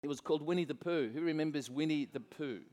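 A middle-aged pastor delivers his sermon, earnest and conversational, with a fairly high voice. He often turns to the congregation with asides. The sound rings with the long reverb of a church hall. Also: fast talker, darkish tone.

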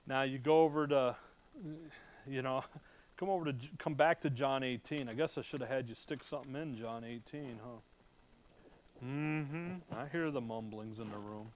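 A man's voice: mid-range voice, slow, long pauses, dry recording. A man teaching a conversational sermon to a room of listeners, talking casually with rhetorical questions and wry asides. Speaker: Bible teacher. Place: room with a live audience.

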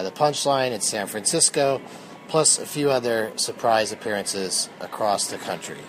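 A man with a fairly low voice hosts a casual solo podcast. He jokes in a dry, offhand way. Steady airport noise runs clearly behind him. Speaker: podcast host. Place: airport terminal, seated in a massage chair. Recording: noisy airport background. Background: airport ambience.

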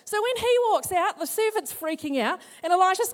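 A woman teaching a Bible passage in a chatty, animated sermon, acting out the characters as she goes. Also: very high voice, fairly quick, hardly any pauses.

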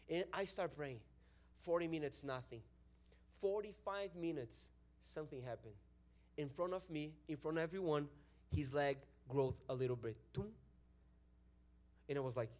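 A Brazilian-accented man gives an excited sermon testimony in a somewhat high voice. He moves between soft, earnest prayer and loud bursts of praise. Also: normal speed. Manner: animated storytelling, swings from hushed prayer to loud praise. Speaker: preacher.

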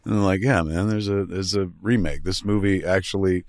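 A man's voice: sits low, steady tone, normal speed, no room sound, clean studio sound. A man hosting a casual film talk show, rambling loosely with lots of fillers and asides. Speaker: podcast host.

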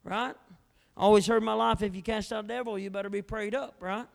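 Male revival preacher, fiery, moves between shouts and quiet asides, clear and resonant voice. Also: sits high, steady tone, fast. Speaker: evangelist. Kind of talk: revival sermon. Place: church sanctuary. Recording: long church hall reverb.

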